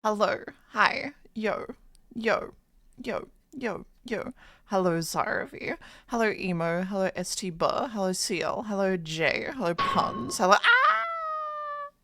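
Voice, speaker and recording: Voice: medium pitch, measured pace, fairly bright tone, dry recording, studio quality. A live streamer chatting casually with viewers, greeting chatters by name and swearing freely in playful, mock-dramatic rants. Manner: mock-dramatic, hypes things up then undercuts them.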